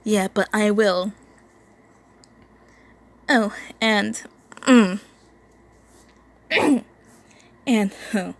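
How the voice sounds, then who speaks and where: A woman's voice: mid-range voice, drawn-out words, pauses often, no echo, low-quality recording. A woman from the United States, casually reading a fan story aloud at home into her phone, stumbling and restarting words often. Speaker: amateur reader of an online story.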